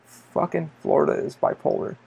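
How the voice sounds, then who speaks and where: Speaking at normal speed in a dark tone, a man hosting a podcast tells a loose, rambling story. It's a casual storytelling monologue packed with swearing and filler words.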